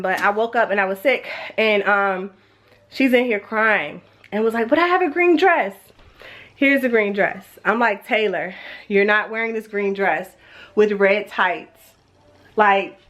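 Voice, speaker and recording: A woman's voice: medium pitch, a bit bright. Young woman, sick and congested, rambling chatty home vlog filmed on a phone. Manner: chatty, rambling, many fillers. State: congested, stuffy-nosed. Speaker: vlogger and mother. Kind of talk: casual home vlog chat. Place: at home, indoors.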